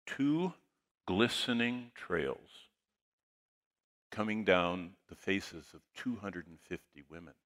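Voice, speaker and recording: Male pastor, lively storytelling sermon, bright voice, long hall reverb. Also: low voice, slow pace, long pauses. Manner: animated storyteller, swings between loud bursts and hushed asides. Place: church auditorium.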